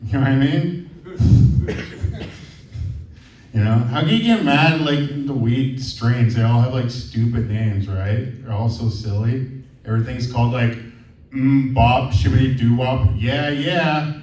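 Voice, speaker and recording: Rambling stand-up comic, echoey room. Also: male voice, mid-range voice, measured pace, long pauses, a little mellow. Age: 30s. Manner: rambling, hesitant delivery with many fillers. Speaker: stand-up comedian. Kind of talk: stand-up comedy set. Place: comedy venue with live audience. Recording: roomy, from far off.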